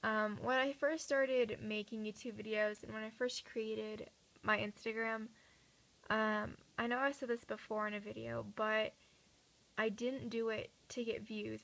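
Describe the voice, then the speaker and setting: A teenage girl vlogging at home at night, chatty and earnest, her voice a little raspy from talking a lot. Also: on the high side, level tone, moderate pace, fairly bright tone, rough recording. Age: teens. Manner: chatty, earnest, many fillers and restarts. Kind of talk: casual chat to camera.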